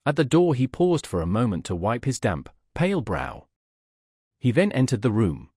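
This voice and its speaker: Man reading an old novel aloud, husky voice, very animated pitch. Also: normal speed, no echo, clean studio sound. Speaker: audiobook narrator. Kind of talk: scripted narration of a classic novel.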